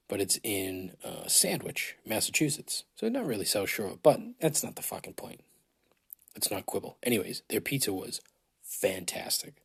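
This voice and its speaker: A man's voice: fairly low pitch, fairly bright tone, breathy edge. A man hosting a casual solo podcast, rambling and swearing with self-mocking humor, his throat dry, recorded on a phone in a large hotel room. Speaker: podcast host.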